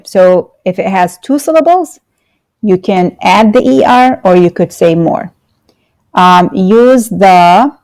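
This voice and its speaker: Slow, patient woman teaching grammar. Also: mid-range voice, darkish tone, dry recording. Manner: patient, explains slowly with fillers and repetition. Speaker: English teacher. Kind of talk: online grammar lesson.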